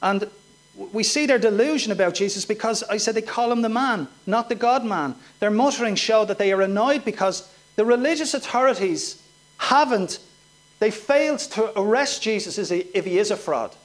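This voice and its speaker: A man with a high voice preaches a sermon, working through scripture verse by verse. He pushes his points with emphasis and keeps putting pointed questions to his listeners. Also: normal speed.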